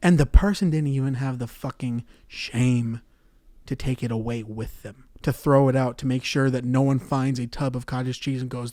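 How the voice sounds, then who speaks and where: A man hosting a comedy podcast, delivering a profane ranting monologue that swings between loud outbursts and muttered asides. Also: medium pitch, fairly even intonation, moderate pace, no echo, studio quality.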